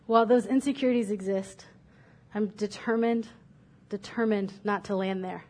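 A woman's voice: mid-range voice, steady tone, moderate pace, a little mellow. A woman preaching a sermon from a church stage, reading a parable aloud and then speaking candidly and reflectively about her own doubts.

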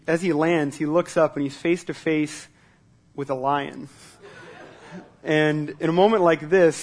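A man preaching a sermon in a relaxed, conversational way at a church service, repeating words as he starts sentences and asking the congregation questions. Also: fairly high pitch. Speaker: pastor.

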